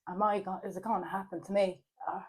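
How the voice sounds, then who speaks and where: A woman from Ireland with a Dublin accent, a podcast guest in casual chat, hesitant with many fillers, animated when telling stories. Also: medium pitch, fast, slightly rough.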